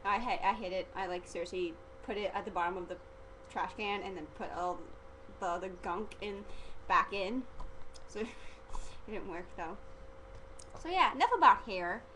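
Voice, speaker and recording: A woman's voice: medium pitch, normal speed, long pauses, bright, forceful tone, a little hiss or hum, rough recording. A teenage girl vlogging casually, rambling and giggly, full of "like" fillers. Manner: chatty and giggly, heavy use of "like" fillers.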